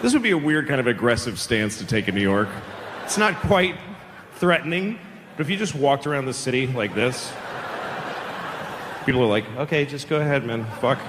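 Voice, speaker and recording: Middle-aged male stand-up, casual and profane, lively delivery; live theater with echo. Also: mid-range voice, moderate pace, long pauses. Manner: profane, conversational storytelling. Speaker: stand-up comedian. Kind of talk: stand-up comedy. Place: large theater stage. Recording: echoing live hall, audience noise.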